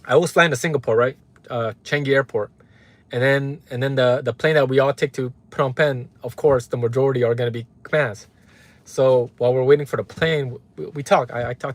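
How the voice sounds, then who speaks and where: A man's voice: medium pitch, a bit bright, no echo. A man from Los Angeles hosting a live stream, ranting heatedly and often profanely to his chat and reading out viewers' names. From Los Angeles, United States. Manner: heated, profane, repeats "right?" for emphasis. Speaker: livestream host.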